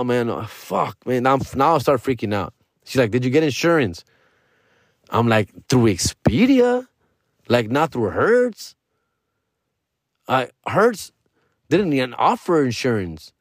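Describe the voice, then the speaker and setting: A man tells a story on his podcast in a loose, profane way and acts out each person's lines. His voice sits at a middle pitch. It is recorded close and dry, with no room echo. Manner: profane, animated retelling with quoted dialogue. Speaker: podcast host. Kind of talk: casual storytelling.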